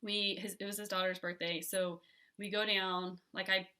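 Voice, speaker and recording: A woman from telling a painful personal story as a podcast guest, candid and halting, with many fillers and restarts. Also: medium pitch, level tone, pushed and bright, clear, resonant tone.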